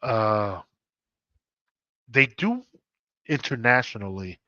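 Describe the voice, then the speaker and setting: A man's voice: lowish voice, animated, takes it slowly, bright, forceful tone, no echo. Jokey guy on a stream call, teasing his buddy, dry and a bit muffled. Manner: joking, teasing, easy laugh. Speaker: co-host. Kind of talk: casual live-stream chat.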